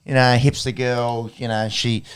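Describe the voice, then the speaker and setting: Young aussie bloke, rambly sports podcast chat, lots of restarts. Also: male voice, mid-range voice, level tone, unhurried, clean tone. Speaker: podcast co-host.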